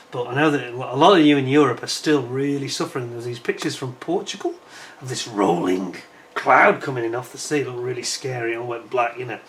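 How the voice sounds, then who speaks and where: A man's voice: mid-range voice, fairly bright tone, a little hiss or hum. Chatty British man reviewing model kits. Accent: British English. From United Kingdom. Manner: chatty, wanders off on tangents, frequent fillers. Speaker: scale model kit reviewer. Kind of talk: casual rambling review chat. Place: indoors at home, warm room with a fan.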